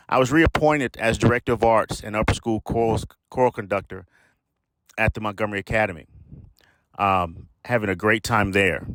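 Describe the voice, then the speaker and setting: A man from Alabama, a choral conductor telling stories in a lively, conversational way. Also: medium pitch. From Alabama, USA. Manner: animated storyteller, acts out his own past thoughts. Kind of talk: conversational storytelling.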